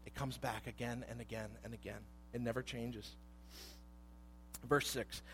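A man in his thirties preaching a sermon, animated and conversational, dropping to hushed asides and rising to loud emphasis. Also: mid-range voice, normal speed, slight background noise. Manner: animated, acts out voices in quotes, swings between hushed asides and loud emphasis. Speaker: pastor.

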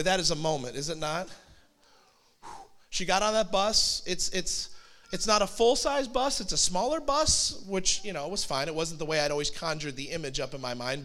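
A pastor in his forties delivers a sermon in a high, light male voice. He tells it like a story, chatty and conversational, with quick asides. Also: bright, forceful tone.

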